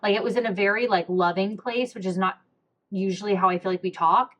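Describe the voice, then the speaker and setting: A woman's voice: medium pitch, fairly even intonation, fairly quick, a bit bright. A young woman hosting a podcast, telling a personal story in a candid, emotional way, with many fillers and close to tears. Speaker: podcast host.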